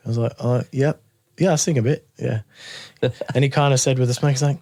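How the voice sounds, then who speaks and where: Speaking briskly in a mid-range voice, an Australian guest musician recounts a story during a laid-back interview, laughing and acting out what others said with animation. The recording is dry and clean, studio quality.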